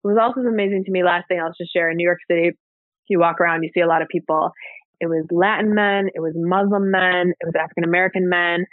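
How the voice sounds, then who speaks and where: A woman's voice: lowish voice, fairly even intonation, fast talker, no echo. Woman podcast guest, chatty storyteller, heavy "like" filler, tinny phone-quality audio, dry. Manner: chatty, fills speech with "like" and "you know". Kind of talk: casual storytelling in an interview.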